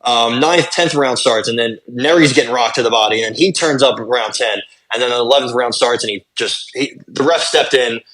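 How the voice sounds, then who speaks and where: A young adult man co-hosting a podcast, recapping fights in casual chat, talking fast and swearing. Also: medium pitch, fairly bright tone. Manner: rapid, swearing fight recaps with lots of fillers. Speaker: podcast co-host.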